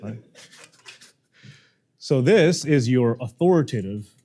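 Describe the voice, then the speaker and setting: A man teaching a live workshop on speaking, animated and playful, joking with the audience. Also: medium pitch, moderate pace. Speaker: communication coach. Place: seminar room with audience.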